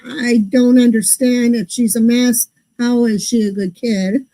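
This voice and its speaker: High-voiced mellow woman, ranting casually. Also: steady tone, a little slow, low-quality recording. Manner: ranting, puzzled about everyday pet peeves. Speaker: podcast co-host. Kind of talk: casual chat.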